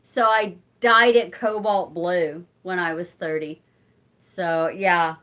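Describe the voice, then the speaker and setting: A woman's voice: lowish voice, steady tone, takes it slowly, fairly bright tone. A woman in her forties hosting a casual live-stream chat, answering viewers and talking to her cat. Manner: chatty, talks to her cat between replies to viewers. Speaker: channel host.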